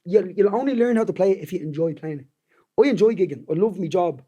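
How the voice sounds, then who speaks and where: A man's voice: sits high, animated, fast talker, mellow, husky. A young Irish man with a Dublin accent, a guest singer-songwriter rambling through stories in casual podcast chat and swearing freely. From Dublin, Ireland.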